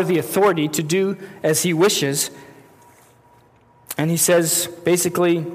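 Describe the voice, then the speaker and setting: A man with a somewhat high voice preaches a sermon to his congregation. He talks in a loose, conversational way, restarting phrases and slipping into the voices of the people in his story. His words ring out with the long reverb of a large hall. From United States. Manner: conversational, with self-corrections and acted-out quotes. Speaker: pastor.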